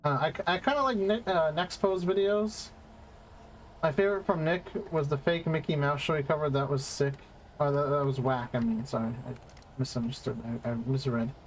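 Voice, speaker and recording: A man's voice: on the high side, moderate pace, slight background noise. A male streamer giving casual gaming commentary, rambling and profane with lots of fillers.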